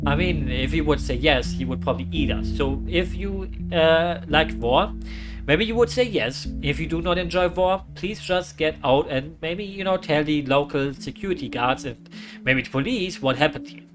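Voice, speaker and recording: A man's voice: a little high, moderate pace. A man from Europe reading a horror story aloud, often stopping for amused, rambling asides. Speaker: creepypasta reader. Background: guitar music.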